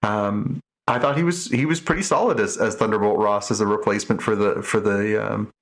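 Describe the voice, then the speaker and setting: A man's voice: lowish voice, steady tone, brisk. A middle-aged man co-hosting a podcast in casual chat, rambling with many restarts and fillers. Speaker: podcast co-host.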